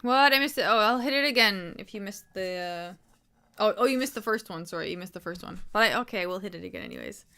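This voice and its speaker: A woman's voice: medium pitch, fast, pushed and bright, smooth. A young adult woman chatting casually on a livestream, rambling and swearing freely.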